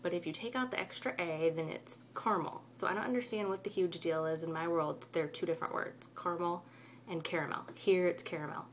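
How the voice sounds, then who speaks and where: Woman from norcal just chatting, lots of ums, low-ish voice, slight hum. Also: fast talker, hardly any pauses. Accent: Northern Californian. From California. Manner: chatty, rambling, with frequent ums. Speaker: vlogger. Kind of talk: casual chat.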